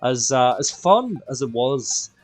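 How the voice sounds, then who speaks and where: Northern Irish male streamer, tired but chatty, self-deprecating, middle pitch, soft music in the background. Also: sing-song, measured pace. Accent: mixed Northern Irish. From Northern Ireland. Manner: chatty, greets viewers by name, self-deprecating. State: tired and quieter than usual. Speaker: live-stream raid host. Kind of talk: casual live-stream chat.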